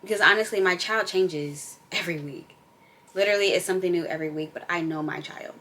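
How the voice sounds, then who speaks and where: Bright-voiced young mom venting casually. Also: female voice, on the low side, fast talker. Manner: candid, emphatic, rambling. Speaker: vlogger, mom. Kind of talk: casual unscripted chat.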